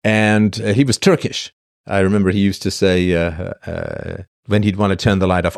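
A man's voice: low-pitched, steady tone, moderate pace, vocal fry, no echo, studio quality. A man from England telling a rambling comic story, sardonic and full of exaggeration.

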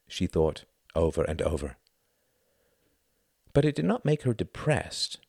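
A man narrates a novel with a deep, low voice and lively, expressive ups and downs in pitch. The sound is very close and dry, with no room around it. His storytelling stays measured and animated. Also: gravelly, husky, dry recording. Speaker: audiobook narrator. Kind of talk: scripted narration.

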